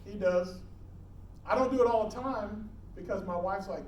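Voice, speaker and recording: A middle-aged man teaching emergency preparedness to a live audience, animated, quizzing the room and acting out scenes. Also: sits high, moderate pace. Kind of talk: live classroom talk. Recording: roomy hall, distant mic, faint noise.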